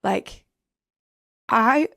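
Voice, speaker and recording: A woman's voice: very slow, fairly bright tone, no echo, studio quality. A woman in her thirties, a podcast guest, telling an emotional personal story over a video call, rambling with many fillers and restarts.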